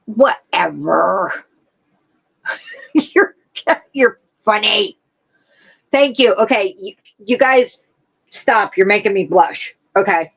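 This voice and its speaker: Woman, livestream host, casual chat, unhurried, answering viewers, dull lo-fi audio. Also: mid-range voice, lively intonation, creaky, a bit bright, husky. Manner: chatty, answering viewers' comments one by one. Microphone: streaming setup with laptop.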